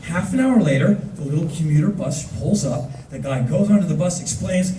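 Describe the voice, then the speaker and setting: An American man in his fifties telling a story on stage with an animated, wry, punchy delivery. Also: a little high, brisk, few pauses, slight background noise. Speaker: spoken word performer. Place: concert venue on stage. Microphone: recorded from the audience. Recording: echoey distant audience recording.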